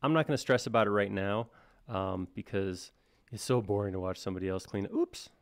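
A man with a lowish, gravelly voice walks through a live software tutorial. He thinks aloud as he goes and jokes at his own expense in a relaxed, chatty way. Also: fairly quick. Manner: thinks aloud, casual and self-deprecating. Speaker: software instructor. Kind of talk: live-stream modeling tutorial.

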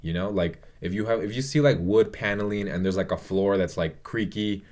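Rambling, gushing young man, lowish voice. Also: normal speed, darkish tone. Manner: rambling, gushing and profane, with many fillers. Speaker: vlogger reviewing a movie. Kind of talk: casual movie review chat.

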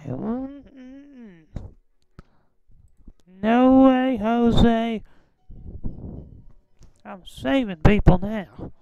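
A man voicing a creepy, leering old man, with high, quavering, drawn-out exclamations. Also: vocal fry, a little mellow, clear, resonant tone, dry recording, highs cut off, exaggerated voice.

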